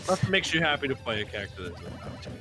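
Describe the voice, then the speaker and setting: A man's voice: mid-range voice, very animated, rapid-fire, over music. A young man doing live esports commentary in a laid-back, slangy way.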